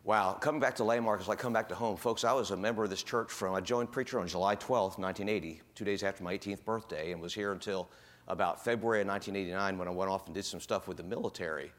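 A man's voice: low voice, quick pace, fairly bright tone. A man in his fifties, speaking as a guest at a church in a folksy, rambling way, full of fillers and restarts. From United States. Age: 50s. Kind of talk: informal church talk.

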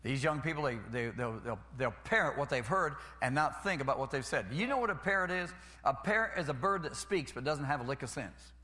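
Bright-voiced folksy male preacher. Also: medium pitch, animated, brisk, few pauses. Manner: folksy, repeats phrases, calls for amens. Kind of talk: sermon.

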